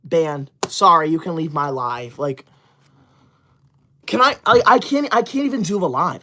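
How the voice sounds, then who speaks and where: A woman hosting a casual livestream, reading super chats aloud and scolding viewers in a bossy, indignant way, breaking into sudden shouted outbursts. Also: low-pitched, lively intonation, measured pace. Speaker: livestream host.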